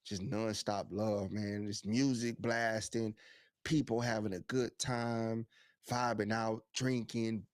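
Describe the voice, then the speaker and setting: A man co-hosting a live podcast, animated and hyped, telling stories and giving shout-outs. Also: on the low side, takes it slowly, no echo. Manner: animated, hype storytelling with laughs and shout-outs. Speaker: podcast co-host. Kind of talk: casual live-stream chat.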